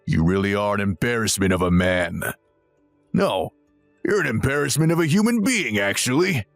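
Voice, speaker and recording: A man's voice: fairly low pitch, animated, moderate pace, no echo, soft background music. A man voicing a stern, disapproving older father who rebukes firmly in a dramatized text-message story. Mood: contemptuous.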